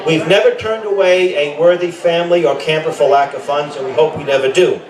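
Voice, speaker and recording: A middle-aged man with a fairly high voice gives a loose, rambling rally speech. He keeps correcting himself mid-sentence and drops in joking asides. The recording is echoey, and he sounds a little far from the mic. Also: fairly even intonation, fairly quick, crowd noise. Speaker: camp director speaking at a rally. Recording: echoey, voice from a distance.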